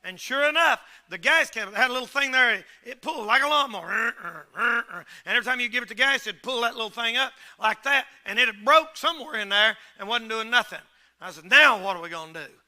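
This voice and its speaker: High, bright-voiced preacher. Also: male voice, brisk. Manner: folksy, rambling, bursts into shouts. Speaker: pastor. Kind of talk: storytelling sermon.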